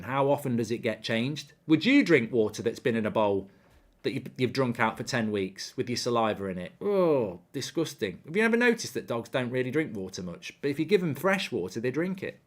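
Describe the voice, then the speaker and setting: Man, watchalong host, live football commentary, ranting, swears freely, lively swinging intonation. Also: mid-range voice, fairly quick.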